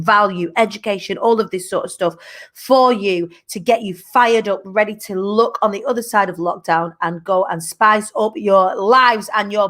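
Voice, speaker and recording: A woman's voice: mid-range voice, a bit bright. A bubbly, chatty woman in her thirties, hosting a live show and talking playfully with her viewers. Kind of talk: live-stream chat with viewers.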